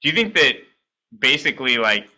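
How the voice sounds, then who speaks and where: A male podcast host with a very bright, sharp-edged voice. He talks loosely and rambles between points in a casual conversation. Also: mid-range voice, big pitch swings, a little fast, low-quality recording.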